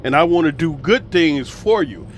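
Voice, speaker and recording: Animated preachy man with a lively pitch. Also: moderate pace, slight background noise. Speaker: commentator. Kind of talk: casual talking to camera.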